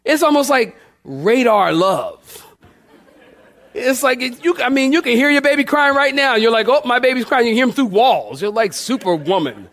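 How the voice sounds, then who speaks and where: Man preaching, high voice, call-and-response, pitch swinging up and down. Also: animated, moderate pace, fairly bright tone. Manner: builds points by repetition. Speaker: pastor. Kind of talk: sermon.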